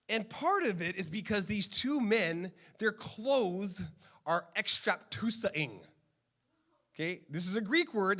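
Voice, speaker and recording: A male pastor preaching a sermon in a playful, animated storytelling manner. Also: high-pitched, gravelly.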